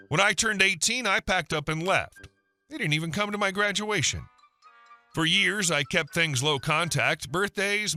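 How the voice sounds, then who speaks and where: Bright, high-pitched male story narrator. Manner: even, polished read with no fillers.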